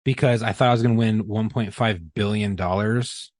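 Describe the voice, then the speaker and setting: A man's voice: on the low side, fairly even intonation, moderate pace, a little mellow, dry recording, studio quality. A man co-hosting a casual podcast, rowdy and profane. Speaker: podcast co-host.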